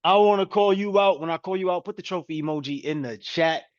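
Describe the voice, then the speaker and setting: Upbeat coach calling out names. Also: male voice, high-pitched, quick pace. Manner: energetic, repetitive shout-outs. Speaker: coach hosting a group call. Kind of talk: upbeat live-call hosting. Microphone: video call. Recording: dull, lo-fi call audio.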